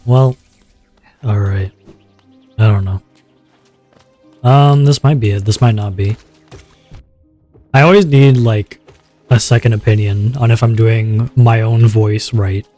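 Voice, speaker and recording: A man streaming a game, rambling in a relaxed, self-conscious way with a slightly sore throat. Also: on the low side, slow, pauses often, faint music behind. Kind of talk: casual gameplay chat.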